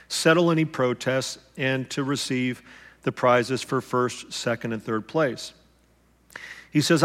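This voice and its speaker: A man's voice: medium pitch, fairly bright tone, in a large hall. A male pastor preaching a conversational sermon that acts out the voices he quotes.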